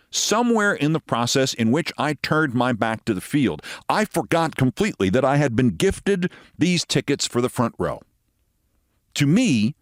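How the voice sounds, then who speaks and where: A man in his sixties hosts a show and tells a long personal story in an emphatic, dramatic way. His pitch swings widely as he builds the tale, and the sound is dry with no room echo. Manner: dramatic, emphatic storytelling with sudden loud bursts. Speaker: host telling a personal story. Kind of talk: monologue storytelling.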